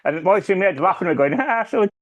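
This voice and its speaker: A man's voice: fairly high pitch, very fast, highs cut off. A British man chatting casually on a podcast, rambling and trailing off as he talks. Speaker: podcast panelist. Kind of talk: casual chat.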